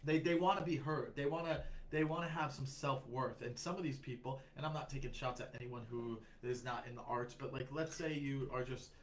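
A man's voice: medium pitch, steady tone, fairly quick, few pauses, slight background noise, rough recording. A young man chatting on a comedy podcast as a guest, rambling and reflective, with many restarts. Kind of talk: casual podcast chat.

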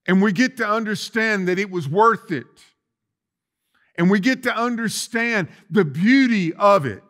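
Animated preacher, bright and slow. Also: male voice, high voice. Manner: emphatic preaching, swinging from loud declarations to soft asides. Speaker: lead pastor. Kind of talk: sermon. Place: church sanctuary.

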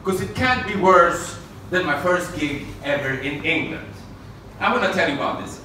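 A man's voice: a little high, animated, moderate pace, sharp tone. Swedish man in a roomy, noisy space. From Sweden. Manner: chatty and self-mocking. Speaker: stand-up comedian. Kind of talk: travel vlog and stand-up set. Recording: echoey, distant, noisy ambience.

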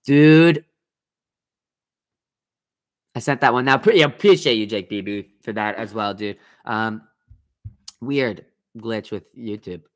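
A man's voice: fairly low pitch, moderate pace, a bit bright. A man hosting a casual livestream, ranting heatedly and swearing often while reacting to his chat. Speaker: livestream host.

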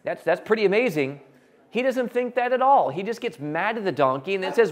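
Man preaching, higher pitch, animated, playful asides, acts out characters. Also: a little fast. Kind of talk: sermon with acted Bible quotes.

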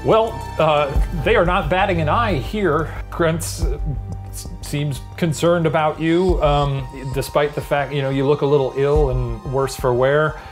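A man in his thirties, the game master, narrating a tabletop game in a relaxed, dry, meandering way. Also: fairly high pitch, unhurried, soft background music.

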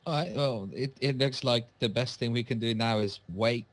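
A man playing a tabletop game, describing his character's actions in a measured, hesitant way. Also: medium pitch, no room sound. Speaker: player.

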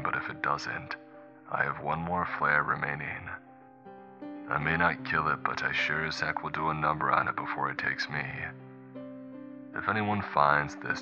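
A man voicing a wounded male pilot recording tense, hushed last messages while a creature hunts him. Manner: low, tense, hushed reports. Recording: muffled lo-fi recorder playback.

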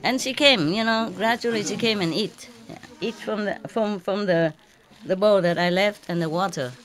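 A woman's voice: mid-range voice, normal speed, fairly bright tone. A woman spiritual teacher telling a lighthearted anecdote in an informal lecture, joking and playfully imitating a cat's meow. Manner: playful, joking storyteller who imitates cat meows. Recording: live audience laughter behind.

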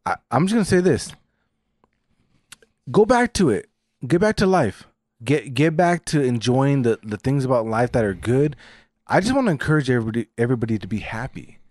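Emphatic, lively male podcast co-host. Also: mid-range voice, fairly quick, no room sound, studio quality. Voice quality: emphatic, swearing, gives encouraging shout-outs. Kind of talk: casual chat.

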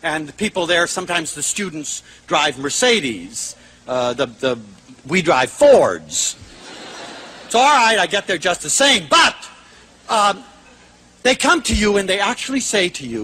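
An older American man giving a lively motivational lecture, acting out quoted voices with sudden shouts. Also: high-pitched, a little slow, slight background noise. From United States. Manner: animated, acts out quoted voices, shouts for emphasis.

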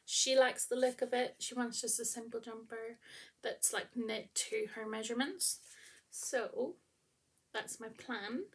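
A young woman chatting casually to camera about her knitting, rambling along with plenty of ums. Her voice sits a touch high, with a gravelly fry and a husky edge. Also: fairly bright tone. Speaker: knitting podcast host. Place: at home, seated.

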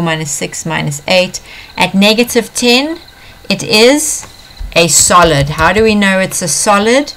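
Woman science teacher, slightly low voice, patient walkthrough of an exam paper, repeats key points. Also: fairly bright tone. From South Africa.

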